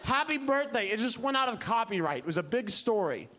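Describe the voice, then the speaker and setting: A man performing a stand-up comedy set on a club stage, telling stories with animated delivery and shouted punchlines. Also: very high-pitched, a little fast, a crowd in the background. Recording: noisy live club recording.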